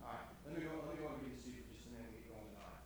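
A man's voice: medium pitch, racing, noisy background. A man preaching to a congregation, praying and then talking in a folksy, joking way. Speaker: visiting preacher. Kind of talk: sermon with prayer. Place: church sanctuary. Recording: roomy church sound from a distant mic.

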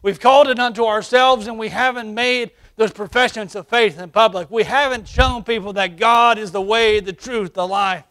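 High-voiced male pastor preaching with fervor. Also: steady tone, moderate pace, hardly any pauses. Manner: swings between loud emphatic peaks and hushed low passages. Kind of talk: sermon. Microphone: wearing a face mask while preaching.

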